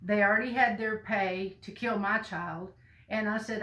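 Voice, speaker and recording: Woman in her fifties, folksy earnest storytelling, bright forceful tone, echoey room. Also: mid-range voice, moderate pace. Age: 50s. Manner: folksy and earnest, with bursts of loud emphasis. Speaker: vlogger. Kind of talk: casual personal storytelling to camera.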